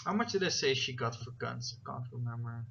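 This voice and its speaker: Bright-voiced man running a tabletop game. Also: mid-range voice, expressive, brisk, creaky. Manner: rambling, filler-heavy, checks rules aloud. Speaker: game master. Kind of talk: narrating a tabletop game over voice chat. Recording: dull, lo-fi voice chat with faint noise.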